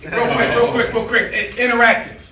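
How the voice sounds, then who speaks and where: A man giving an energetic, preacher-like motivational speech that he leads as call-and-response, shouting words for emphasis. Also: very high-pitched, fairly quick, lo-fi sound. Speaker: motivational speaker. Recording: echoey room, mic far off, faint noise.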